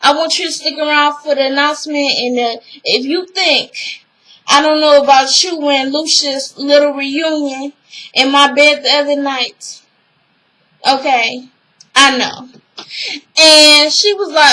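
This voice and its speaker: Animated woman recapping a show. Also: high-pitched, takes it slowly, long pauses, rough recording. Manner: animated, acts out characters' lines, laughs often. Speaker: vlogger recapping a TV episode. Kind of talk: casual recap chat.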